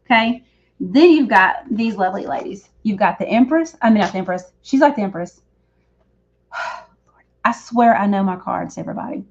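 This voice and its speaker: A woman's voice: mid-range voice, expressive, normal speed, pauses often. A woman doing a live tarot reading, chatty and rambling, often correcting herself, in the back room of a shop. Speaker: psychic reader. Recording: dull lo-fi stream audio.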